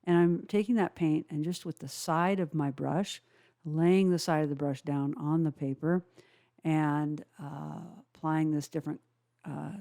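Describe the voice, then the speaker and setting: A woman narrating a watercolor painting tutorial, calmly explaining each step with frequent "uh" pauses. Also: low-pitched, vocal fry. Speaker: watercolor instructor.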